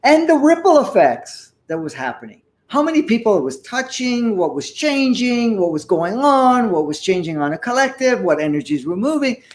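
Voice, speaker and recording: A man in his sixties, an interview guest telling a personal story in an earnest, animated way with the odd chuckle. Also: extremely high pitch, normal speed, hardly any pauses. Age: 60s. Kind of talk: conversational storytelling.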